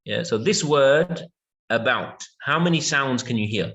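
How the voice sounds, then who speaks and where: A man's voice: medium pitch, lively intonation, takes it slowly, fairly bright tone, dull audio. Guy teaching english, patient, says stuff twice and keeps checking you got it. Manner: patient, repeats words and checks understanding. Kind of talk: spoken English lesson.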